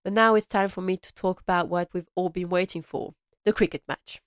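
A woman's voice: lowish voice, fairly even intonation, a little fast, dry recording, clean studio sound. Chatty woman recapping with frequent laughs. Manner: chatty, laughs often, retells scenes. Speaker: podcast host. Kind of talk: casual episode recap.

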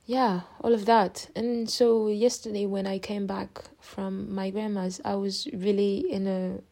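Mellow-voiced young woman podcaster. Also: medium pitch, level tone, a little slow, vocal fry. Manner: candid and rambling, with many restarts; openly emotional, affectionate toward listeners. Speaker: podcast host. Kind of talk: casual personal update monologue.

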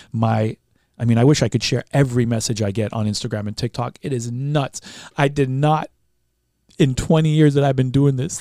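A man's voice: mid-range voice, warm tone, no echo, studio quality. A man in his forties from Canada, a guest musician talking frankly and emotionally in an interview, swearing often. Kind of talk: candid interview chat.

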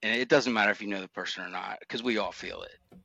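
A man's voice: lowish voice, fast talker, vocal fry, pushed and bright, slight background noise. A man, a former motorcycle cop, telling earnest, reflective stories from his police career in an interview. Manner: earnest, reflective, emotional recollection. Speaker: retired motor cop guest. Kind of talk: candid interview storytelling.

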